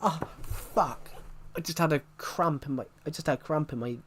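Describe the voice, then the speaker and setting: A man's voice: fairly high pitch, normal speed, a little hiss or hum. A man with a Southwest English accent, a streamer chatting casually and rambling as he answers viewers' questions. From southwest England. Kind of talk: casual live-stream chat.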